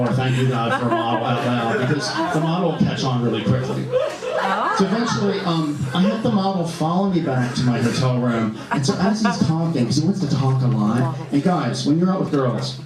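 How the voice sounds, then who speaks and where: A man doing stand-up comedy in a comedy club, camp and animated, bantering with the audience. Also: medium pitch. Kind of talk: stand-up comedy with crowd work. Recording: echoey club heard from a distance, audience laughter. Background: audience laughing.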